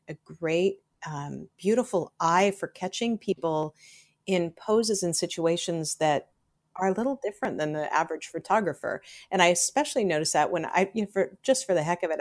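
A woman's voice: lowish voice, a little mellow. A woman hosting an interview, asking effusive, rambling questions full of compliments. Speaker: interviewer host. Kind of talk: casual interview.

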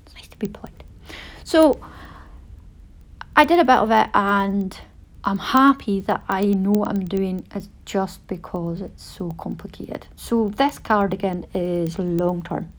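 A woman's voice: medium pitch, unhurried. A woman, hosting a casual chat show and rambling through many asides. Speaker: podcast host.

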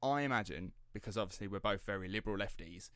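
Male podcast host, low voice, dry close mic, chatty and rambling. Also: fast, a bit bright, clean tone, no room sound. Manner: rambling, laughs often, drifts off script. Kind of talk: casual true-crime podcast chat.

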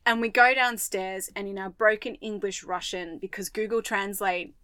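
An Australian woman co-hosting a podcast, telling a travel story in lively detail and acting out the voices she quotes. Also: mid-range voice, normal speed, clear, resonant tone, dry recording. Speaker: podcast co-host. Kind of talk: casual chat, storytelling.

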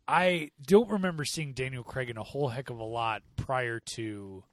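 Casual sarcastic American male co-host, mid-pitched, dry close mic. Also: normal speed, no room sound. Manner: sarcastic, mocks accents in loud bursts. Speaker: podcast co-host. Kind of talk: casual movie review chat.

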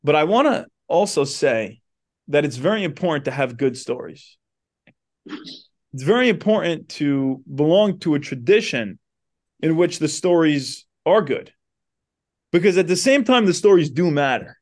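A man's voice: a little high, expressive, measured pace. A man teaching a class in a synagogue, retelling a story loosely with many asides. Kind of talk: storytelling lecture.

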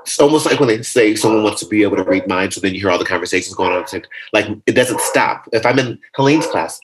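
A low-voiced man talks loosely and playfully as an interview guest, often leaping up into high, joking voices. A faint noise sits under the recording. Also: fast. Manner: animated, playful, jumps into high comic voices. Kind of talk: casual interview conversation.

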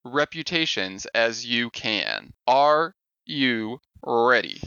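A man hosting a gaming podcast and running its quiz segment in a measured way. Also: mid-range voice, sing-song, creaky, pushed and bright, clean tone, no echo. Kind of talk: casual gaming podcast chat. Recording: slightly dull, lo-fi mic.

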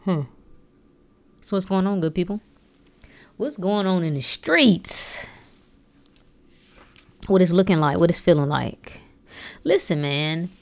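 A woman's voice: fairly low pitch, animated, slow pace, long pauses, darkish tone. Woman podcast host, casual and preachy, slangy, lots of rhetorical questions. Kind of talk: casual motivational podcast talk.

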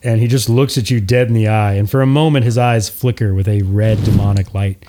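A man narrating a tabletop game as game master, relaxed, with frequent filler words. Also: lowish voice, a little fast, noisy background.

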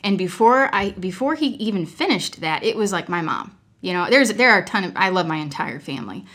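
This mother of several children, a podcast guest, recounts a personal story in a frank, meandering way, frequently bursting into laughter. Her voice sits on the low side, a bit bright, with big pitch swings and a slightly fast pace.

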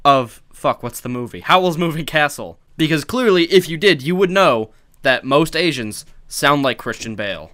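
A man's voice: fairly high pitch, animated, normal speed, pushed and bright, dry recording, studio quality. A young man in casual podcast chat, making crude, wry jokes.

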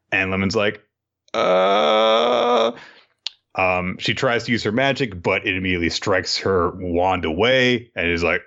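A man's voice: low-pitched, muffled recording. A man co-hosting a podcast, casually recapping manga chapters and acting out lines as he goes. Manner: animated retelling, acting out quoted lines. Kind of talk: casual chat.

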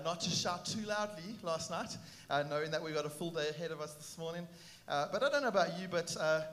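A man preaching a sermon at a church gathering, upbeat and animated, with frequent "uh" fillers. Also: a little high, a little hiss or hum. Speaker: pastor.

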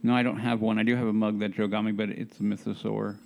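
A man co-hosting a podcast, reading out news items in casual chat, halting and restarting as he gripes. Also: fairly low pitch, flat delivery, vocal fry, a little mellow, muffled recording, slight background noise.

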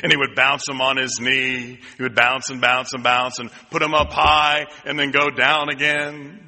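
A man's voice: mid-range voice, little pitch movement, normal speed, creaky, bright, forceful tone. A middle-aged male pastor preaching a sermon, telling stories with self-deprecating humor. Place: church sanctuary. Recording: long reverb in a church hall.

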